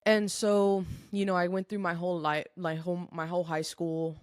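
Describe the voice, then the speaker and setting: At normal speed and with a level tone, a young adult woman with a fairly low voice gives personal testimony as a podcast guest in casual chat. She's candid and emotional, using "like" often among plenty of other fillers. The recording is studio quality with no room sound.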